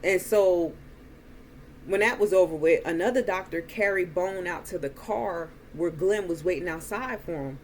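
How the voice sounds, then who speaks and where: A woman recapping a movie in a casual, slow way, with frequent ums. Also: on the low side, a little mellow, slight background noise. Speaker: movie reviewer.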